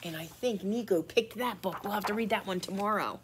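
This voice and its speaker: A middle-aged woman, a teacher reading a picture book aloud to children, expressive and full of surprise. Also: mid-range voice, moderate pace, breathy edge. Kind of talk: children's read-aloud storytime.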